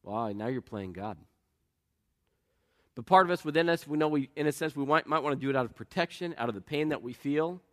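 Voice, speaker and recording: A middle-aged male pastor delivers his sermon in an earnest, conversational manner. His voice sits a little higher than most men's. He moves easily between rhetorical questions and personal stories. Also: expressive, brisk, fairly bright tone.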